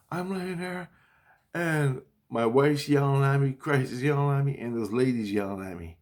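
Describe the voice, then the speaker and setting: A man's voice: mid-range voice, normal speed. A man telling a story in a rambling, casual monologue, agitated and profane, often restarting his sentences. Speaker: vlogger recounting a dream.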